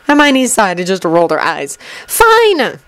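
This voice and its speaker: A woman reading a story aloud in expressive scripted narration. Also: mid-range voice, moderate pace, low-quality recording. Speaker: audiobook reader.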